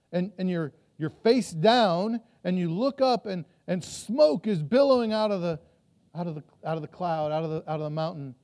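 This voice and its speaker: A man's voice: high-pitched, warm tone. A pastor preaching a sermon to a church, telling the story and acting out voices from it, often repeating his words as he goes.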